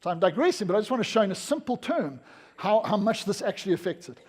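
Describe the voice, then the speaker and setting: A South African man giving an energetic, emphatic seminar talk to a live audience in an event room. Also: sits high, fast talker, slightly rough. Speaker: motivational speaker.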